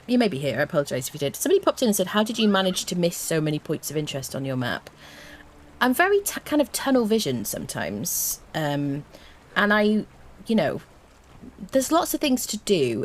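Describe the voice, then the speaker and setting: A woman streaming a video game, chatting to her viewers and humming little tunes to herself as she plays. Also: low-pitched. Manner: chats to viewers. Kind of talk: casual live-stream chat while playing.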